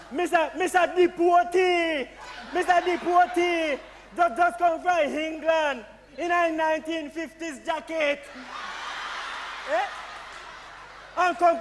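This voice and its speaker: An actor playing a jealous, blustering middle-aged Jamaican father in a stage comedy, stammering and shouting insults. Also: very high voice, a little hiss or hum.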